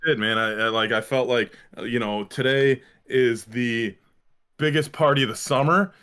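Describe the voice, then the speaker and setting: A man's voice: mid-range voice, steady tone, moderate pace, a bit bright, a little hiss or hum. A man co-hosting a podcast in casual chat, rambling and swearing with lots of fillers and restarts. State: a little winded. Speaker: podcast co-host.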